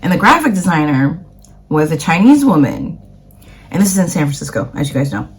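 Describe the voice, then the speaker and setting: A woman's voice: low-pitched, very animated, fairly quick. Chatty woman vlogger, rambling casually. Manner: chatty, rambling, lots of fillers. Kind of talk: casual chat to camera.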